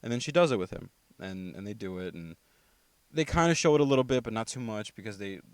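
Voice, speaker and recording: A man's voice: fast talker, no room sound. A man hosting a podcast, rambling casually through a movie review with many fillers and self-corrections. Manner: mimics characters with animated pitch jumps. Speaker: podcast host.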